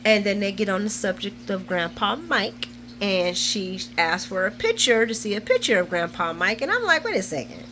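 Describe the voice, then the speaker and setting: Bright-voiced woman in her forties chatting. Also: mid-range voice, very animated, moderate pace, a little hiss or hum. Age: 40s. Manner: chatty and colloquial, laughs often, retells scenes with feeling. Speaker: soap opera recap host. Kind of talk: casual chat, episode recap.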